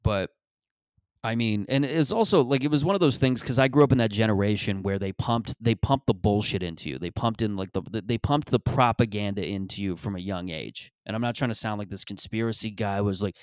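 Comedian host, man, lowish voice, dry close recording, rambling profane monologue. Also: a little fast, clean tone, dry recording. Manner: rambling, profane, self-deprecating.

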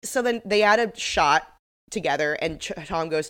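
Lively young woman recapping gossip. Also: mid-range voice, normal speed. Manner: animated, swears freely, acts out quotes. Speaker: podcast co-host. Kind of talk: casual chat recapping reality TV.

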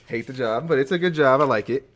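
A man's voice: mid-range voice, fast, a bit bright. A young man co-hosting a podcast, talking in a laid-back, slangy way and laughing often. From Las Vegas. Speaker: podcast co-host. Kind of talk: casual chat.

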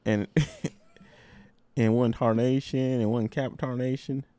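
A man's voice: medium pitch, steady tone, slow pace, dark tone, no room sound. A man co-hosting a podcast in casual chat, rambling and laughing easily. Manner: laid-back, rambling, lots of fillers and laughs. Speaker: podcast co-host.

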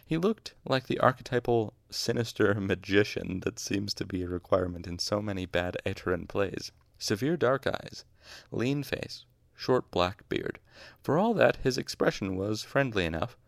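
A man's voice: lowish voice, lively intonation, normal speed, vocal fry, no room sound, clean studio sound. A man casually reading a novel aloud, stopping now and then to correct his slips. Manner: informal, stops to correct slips. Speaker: audiobook reader. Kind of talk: casual amateur audiobook narration.

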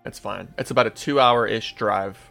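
A young male podcast host with a lowish, gravelly voice, pushed and bright, talks at a normal speed over soft background music. He's laid-back, telling his co-hosts a long story, swearing often and laughing at his own tale.

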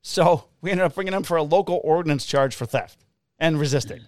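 Middle-aged cop guy swearing his way through a chase story, slightly high voice, dry sound. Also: brisk, no room sound. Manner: profane, animated storyteller. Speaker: police officer. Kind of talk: casual storytelling.

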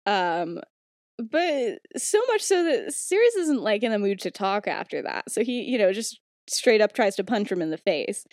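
A woman's voice: mid-range voice, big pitch swings, normal speed, darkish tone, no echo, studio quality. A young adult woman hosting a podcast, casually retelling a story with lots of "like" and "um" and frequent giggles. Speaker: podcast host.

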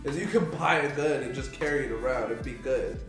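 A man's voice: medium pitch, a little fast, over music. A man in a casual podcast chat, arguing his points and telling stories with plenty of swearing. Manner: argumentative storyteller, profane. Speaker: podcast co-host. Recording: very echoey room from far off.

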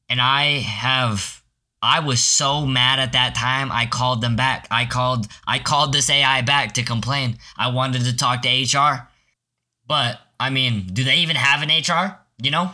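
A man's voice: medium pitch, sharp tone. A teenage boy hosting his first solo podcast, telling rambling stories with many restarts and self-mocking jokes. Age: teens. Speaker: podcast host. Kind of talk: casual solo podcast storytelling.

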